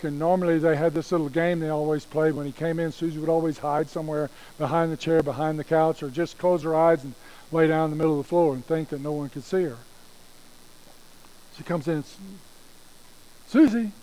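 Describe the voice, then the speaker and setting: Folksy male storyteller, warm and mellow, slightly high; chatty asides. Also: rough recording.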